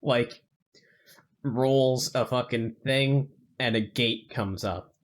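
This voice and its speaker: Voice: mid-range voice, slow pace. Game master narrating, rambling, swears casually, lots of "like", tabletop game.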